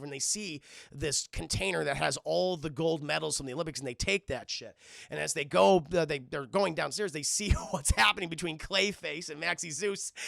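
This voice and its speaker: Gravelly, bright-voiced man recapping a cartoon. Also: sits high, no echo, clean studio sound. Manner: animated, swears constantly, addresses chat. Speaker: cartoon reviewer, livestreamer. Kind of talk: casual profane livestream recap.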